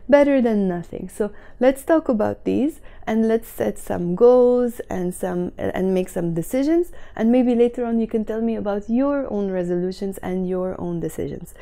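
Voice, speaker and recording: A young woman with a Lebanese accent, explaining phrases slowly and carefully in a casual vlog lesson. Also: medium pitch, dark tone. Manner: slow careful word-by-word explanations. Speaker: Arabic teacher.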